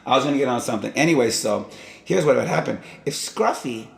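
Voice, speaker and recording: A man's voice: medium pitch, expressive, fast, vocal fry. A man hosting his own vlog, telling stories in a casual, rambling and digressive way. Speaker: vlog host. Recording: echoey room.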